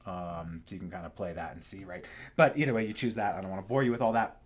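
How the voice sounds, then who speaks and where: Laid-back man with a lowish voice. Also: quick pace. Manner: relaxed, full of fillers and tag questions. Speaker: software tutorial presenter. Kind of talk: casual screen-share walkthrough.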